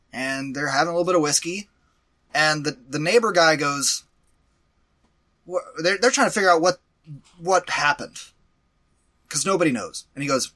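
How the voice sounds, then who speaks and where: A man co-hosting a podcast, recapping a movie in animated, exasperated casual chat with some swearing. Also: a little high. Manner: animated, exasperated storytelling with profanity. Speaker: podcast co-host reviewing a movie.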